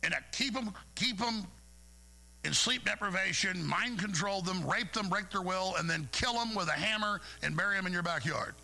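A man's voice: high-pitched, normal speed, vocal fry, sharp tone, poor audio. A man hosting a talk radio show, speaking in a heated, rambling monologue that stumbles over repeated words.

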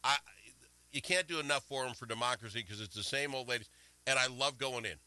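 A man hosting a casual political talk radio show, animated and indignant, swinging between loud outbursts and quiet asides. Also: mid-range voice, fairly quick, no room sound, poor audio. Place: Minnesota.

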